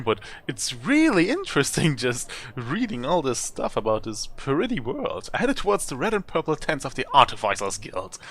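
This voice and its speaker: A man's voice: medium pitch, fairly bright tone. A man hosting a let's play, reading a text adventure aloud with chatty asides and chuckles.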